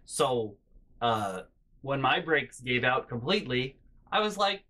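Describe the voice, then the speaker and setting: Young male storyteller, rambling and animated, bright voice with a swinging pitch. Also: measured pace. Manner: rambling, animated, with loud acted-out outbursts. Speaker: storytelling vlogger. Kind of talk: comedic personal storytelling.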